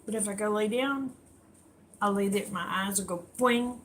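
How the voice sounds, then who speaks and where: A woman's voice: mid-range voice, normal speed, a bit bright. Older woman, tired host of a late-night stream, folksy and chatty, mid-range voice, faint hum behind. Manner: folksy, chatty, greets viewers by name. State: tired, yawning. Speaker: livestream host. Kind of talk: late-night livestream chat with viewers.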